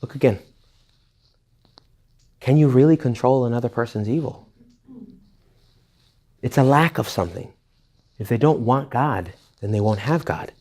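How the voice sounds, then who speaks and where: A priest gives a retreat talk in a lively, conversational way, peppering the listeners with questions. He breaks into jokes and quick asides before circling back to his point. His voice sits at an ordinary middle pitch for a man. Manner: rhetorical questions directed at the audience. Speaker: Catholic priest leading a retreat. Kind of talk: informal retreat talk to young adults.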